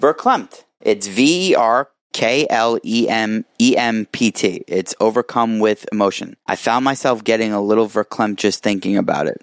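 A man's voice: on the low side, normal speed, few pauses, no echo, studio quality. A man co-hosting a casual podcast, swearing freely and running himself down. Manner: profane, self-deprecating. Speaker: podcast co-host. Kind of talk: casual chat.

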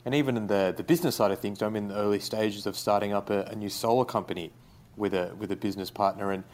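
Laid-back young aussie guy, kinda low voice, rambles with lots of "you know"s. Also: fast talker. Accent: Australian. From Australia. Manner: relaxed, rambling with many fillers. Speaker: guest, writer. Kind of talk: casual interview.

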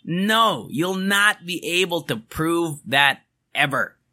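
A man's voice: fairly high pitch, lively intonation, slow, bright, forceful tone. A young man hosting a podcast, ranting angrily and emphatically, swearing as he vents. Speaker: podcast host.

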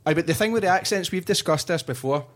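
A man's voice: high voice, fast. Joking Scottish man hosting a podcast. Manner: chatty and joking, swears casually. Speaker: podcast host. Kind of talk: casual conversational interview. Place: hotel room.

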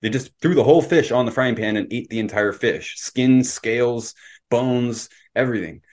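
A man's voice: mid-range voice, normal speed, a little mellow. A man from Canada hosting a casual podcast discussion, opinionated and lecturing in tone. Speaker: podcast host.

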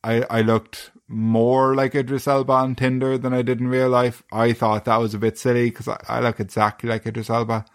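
An Irish man hosting a podcast, trading casual banter with dry, deadpan self-mocking jokes. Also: mid-range voice, a little fast, hardly any pauses. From Ireland. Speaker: podcast host.

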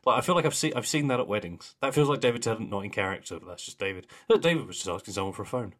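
A man's voice: lowish voice, animated, very fast, a bit bright. A young man co-hosting a podcast, chatting casually with laughs and trailing mumbles. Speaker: podcast co-host. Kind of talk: casual chat.

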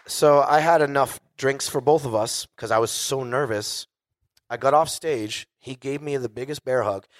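A man telling stories on stage with animated delivery, swearing constantly and acting out other voices. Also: medium pitch, no echo. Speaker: guest musician telling stories. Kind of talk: casual storytelling on stage. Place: live show before an audience.

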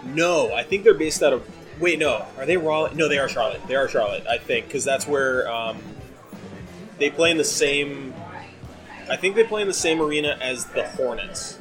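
Rambling, laughing podcast host. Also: male voice, mid-range voice, moderate pace, over music. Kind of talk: casual chat.

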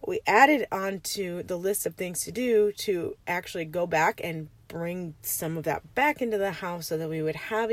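A woman in her thirties with a raspy just-woken voice, hosting a casual solo podcast from a parked van, rambling and chatty with frequent laughs. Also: on the low side, darkish tone, dry recording. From Arizona, USA. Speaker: podcast host.

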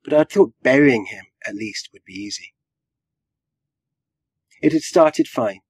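A man, a writer, reading his own flash fiction aloud in a measured storytelling way with a dry wit. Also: mid-range voice, expressive, slightly rough, no room sound. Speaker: writer and guest.

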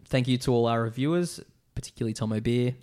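A man's voice: medium pitch, fast talker, a little mellow. A man casually hosting a beer-tasting podcast, reading reviews aloud with asides. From Australia. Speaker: podcast host. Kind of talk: casual chat.

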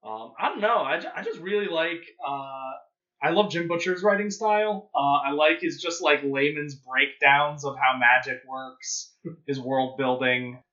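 A man's voice: a little high, measured pace, pushed and bright. A man co-hosting a podcast, chatting casually and hesitantly with stammered restarts. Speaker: podcast co-host. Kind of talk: casual chat. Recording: dull lo-fi sound.

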